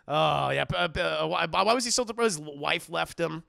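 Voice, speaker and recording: A man's voice: on the high side, expressive, unhurried, creaky, long pauses, pushed and bright, no room sound. A young man streaming and chatting casually with his viewers, rambling, laughing often and swearing. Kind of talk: casual chat with live chat.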